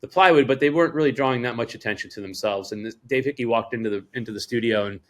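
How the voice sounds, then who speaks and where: A man's voice: mid-range voice, rapid-fire. A middle-aged man from Rhode Island, a surf shop owner, telling a story as a podcast guest in a casual, rambling way, acting out the people he quotes and swearing freely. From Rhode Island, United States. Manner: rambling, animated quoting, frequent swearing.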